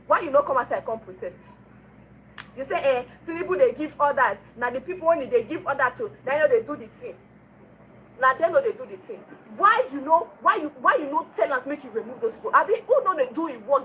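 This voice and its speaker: Woman, Nigerian Pidgin accent, high voice, scolding commentary with repeated rhetorical questions. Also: a bit bright, a little hiss or hum, rough recording. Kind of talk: political commentary.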